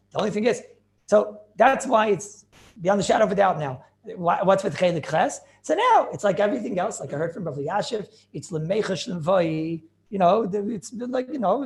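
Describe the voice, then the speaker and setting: A man teaching a class as a rabbi, lecturing in a lively yeshiva style, repeating phrases and throwing out rhetorical questions. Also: high voice, fairly quick, gravelly.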